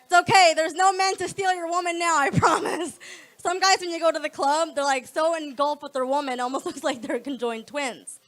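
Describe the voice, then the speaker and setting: A young woman doing stand-up into a stage mic, her voice high and bright. She talks loudly, laughs between lines and slips into quick voices for the people in her stories. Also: steady tone. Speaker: stand-up comedian. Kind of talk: stand-up comedy set. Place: comedy club stage.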